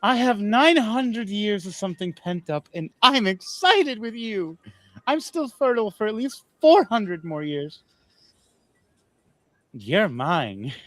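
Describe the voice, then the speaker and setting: A man voicing a huge, bold, lusty female ruler in a tabletop game, loud and drawn out. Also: sits high, sing-song, takes it slowly, dry recording, voice pushed up, full character voice.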